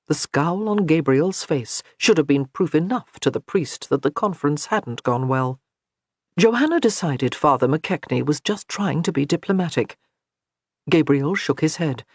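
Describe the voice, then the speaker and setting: A man narrating an audiobook in a measured, expressive reading. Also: a little high, no room sound, studio quality.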